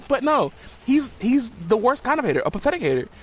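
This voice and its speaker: A man's voice: very high-pitched, huge pitch swings, normal speed, slightly rough. A young man streaming a game, rambling profanely with lots of restarts and laughs. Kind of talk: casual commentary while gaming.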